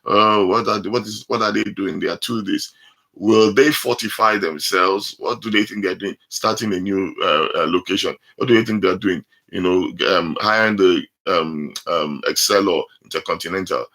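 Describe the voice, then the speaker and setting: Sneering male scoffer with a lowish voice and dismissive questions, as a preacher puts him on. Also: normal speed, bright, forceful tone, full character voice. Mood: mocking. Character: scoffing adult male mocker of the church.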